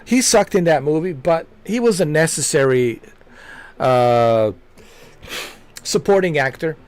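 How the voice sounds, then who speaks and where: A man's voice: on the high side, lively intonation, unhurried, no echo. A man streaming a game, chatting casually and rambling with lots of jokes and laughter. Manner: rambling, joking, laughs often. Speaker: gaming streamer.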